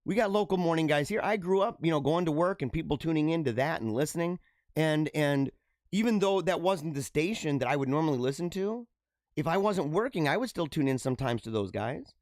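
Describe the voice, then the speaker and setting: Male podcast host riffing on odd news in a lively, slangy way, fairly high voice, dry and close to the mic. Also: fairly quick, no room sound. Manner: animated, slangy, laughs often. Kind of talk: casual news commentary.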